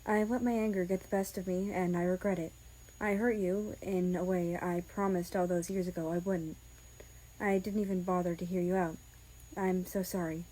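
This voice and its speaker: An earnest, remorseful young man, as a woman reads him, speaking plainly and apologetically. Her reading voice stays lowish and unhurried in this audiobook. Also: steady tone, dark tone, close to an everyday voice, low-quality recording. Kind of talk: fan fiction audiobook reading.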